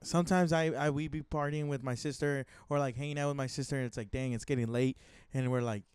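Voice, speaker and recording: A man with a smooth, resonant voice telling relaxed, slangy stories. The sound is dry and close, with no room echo. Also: fairly high pitch, quick pace. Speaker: podcast co-host. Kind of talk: casual chat.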